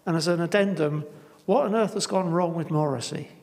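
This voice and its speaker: Audience man, gravelly and high, lively wry question, hall reverb. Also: a little fast, background noise. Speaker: audience member. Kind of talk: asking a question from the floor.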